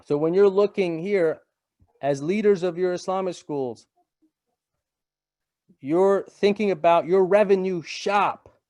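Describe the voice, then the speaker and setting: A man's voice: a little high, darkish tone, no echo, clean studio sound. A middle-aged man giving a webinar presentation in a casual, conversational way, repeating phrases and checking in with "right?".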